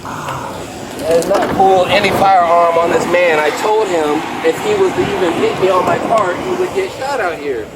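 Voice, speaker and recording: A man's voice: high-pitched, moderate pace, heavy background noise. A man in his late thirties giving an agitated, rambling account to a police officer outdoors by a road, recorded on a body camera. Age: late 30s. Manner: rambling, excitable, repeats "bro". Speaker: complainant speaking to police.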